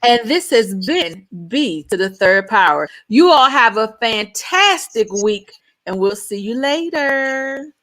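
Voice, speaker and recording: A middle-aged woman co-hosting an online show, lively, excitable and playful, in casual chat. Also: a little high, takes it slowly. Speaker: co-host.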